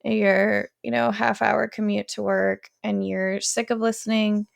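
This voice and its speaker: A woman co-hosting a casual podcast, her voice deeply gravelly with constant vocal fry. She rambles loosely, piling up fillers and restarting her sentences as she talks. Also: flat delivery, measured pace. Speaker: podcast co-host. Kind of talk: casual chat.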